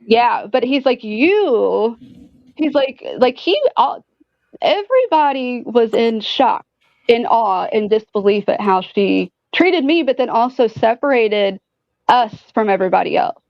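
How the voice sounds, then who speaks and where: Animated, profane woman telling a story. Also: fairly high pitch, measured pace, no echo. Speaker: guest. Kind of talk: casual storytelling chat. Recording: dull lo-fi sound.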